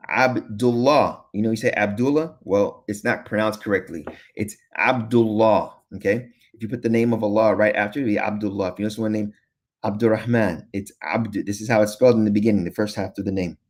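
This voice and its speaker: Patient, low-voiced male language teacher. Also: fairly even intonation, a little mellow. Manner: patient, repeats each sound slowly; checks in with "okay?" often. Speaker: Arabic teacher. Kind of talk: recorded beginner lesson.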